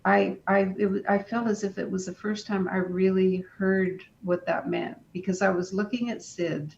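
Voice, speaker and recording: A woman, a guest in an interview, telling a personal story in a calm, unhurried way, often stopping to restart her sentences. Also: gravelly. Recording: dull lo-fi sound with faint rumble.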